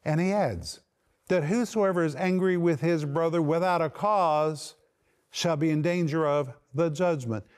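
A man's voice: a little high, a little slow, darkish tone, clear, resonant tone. A man giving a teaching sermon, explaining words one by one with strong emphasis. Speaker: Bible teacher.

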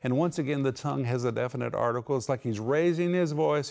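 A middle-aged man preaching a sermon with emphasis, slowing right down to stress key words. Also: medium pitch, gravelly, darkish tone.

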